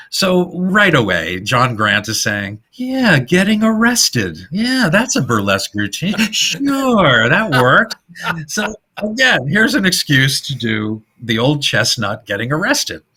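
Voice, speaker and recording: Middle-aged guy on a podcast, bright husky voice, acting out movie bits as he goes. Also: on the low side. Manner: animated retelling, acts out quoted lines in funny voices. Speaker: podcast co-host. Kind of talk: casual film discussion.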